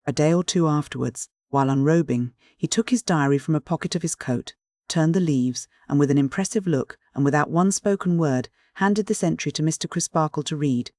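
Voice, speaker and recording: A man reading an audiobook in measured, even storytelling. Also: fairly high pitch, dry recording, clean studio sound. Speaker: audiobook narrator. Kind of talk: scripted audiobook narration.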